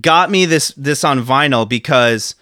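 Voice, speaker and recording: Bright, excitable podcast host man. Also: mid-range voice, unhurried, no room sound, studio quality. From northern Michigan. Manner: excitable, laughing, filler-heavy. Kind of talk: casual chat.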